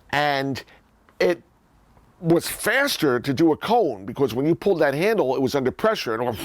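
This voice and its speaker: A man hosting a casual vlog, telling animated, enthusiastic stories about his collection. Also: on the high side, no echo. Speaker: host. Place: indoors, in his collection rooms.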